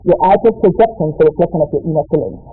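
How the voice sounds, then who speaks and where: A woman's voice: fairly low pitch, racing. A young woman, a motivational speaker giving an impassioned interview, emphatic and preachy, repeating lines for stress. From Nigeria. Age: young adult. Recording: distant, tinny phone-like radio sound.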